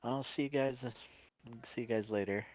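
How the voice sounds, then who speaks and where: A man's voice: mid-range voice, normal speed, darkish tone, dry recording, voice pushed up, natural voice. A man voicing a playful, easygoing young adventurer who likes to tease, in a tabletop game.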